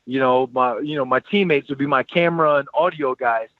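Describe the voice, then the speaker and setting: A man in his thirties telling stories as a podcast guest, animated and slangy, often repeating his phrases. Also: mid-range voice, a little fast, no echo. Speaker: podcast guest, former football player. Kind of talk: casual storytelling interview. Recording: tinny phone-like line, dry.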